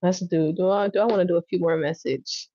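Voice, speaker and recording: A woman with a lowish voice runs a casual livestream tarot reading. She talks bluntly and swears freely, often breaking into loud laughter and acting out little scenes. The sound is dull and dry, with a lo-fi edge. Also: steady tone, brisk, no echo. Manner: blunt, profane, laughs loudly and acts out scenes. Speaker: tarot reader.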